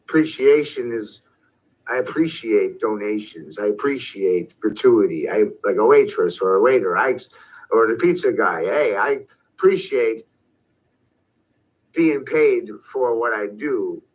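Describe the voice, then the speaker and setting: Here a man rants as an online commentator, confrontational and profane, sometimes breaking into shouts. He has a lowish voice with lively intonation and a slightly slow delivery, and the recording sounds dull and lo-fi.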